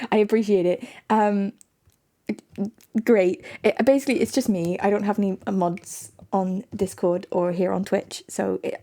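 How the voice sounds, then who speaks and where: A woman's voice: medium pitch, mellow. A young woman streaming live, chatting with her viewers in a giggly way and laughing often between sentences.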